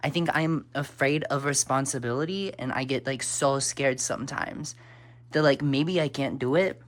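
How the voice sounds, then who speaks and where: A young woman vlogging in a casual, rambling way, full of fillers and the odd swear word, who gets soft and quiet when she opens up. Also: moderate pace. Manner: drops to a soft, low voice when talking about her fears. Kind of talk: casual chatty vlog talk.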